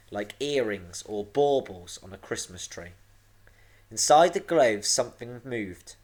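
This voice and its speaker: Man reading a storybook to children, lively pitch. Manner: expressive, dramatic reading. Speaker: teacher reading aloud. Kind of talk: storybook read-aloud for children.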